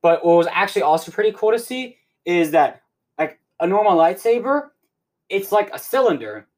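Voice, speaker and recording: A young man hosting a podcast, rambling excitedly through a casual recap and swearing often. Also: high-pitched, normal speed. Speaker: podcast host.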